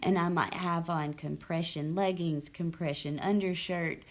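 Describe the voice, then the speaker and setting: Fairly low in pitch, a little slow, with fairly even intonation, a young woman talks casually to camera on her own vlog. She lives in the US South and speaks candidly with a sarcastic edge. She frequently breaks off and starts again.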